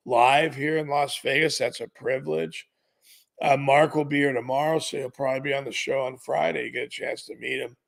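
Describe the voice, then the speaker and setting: A man's voice: mid-range voice, gravelly, fairly bright tone. A man in his fifties hosting a live sports betting show, upbeat and talking straight to his viewers, whom he keeps calling "gurus". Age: 50s. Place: studio.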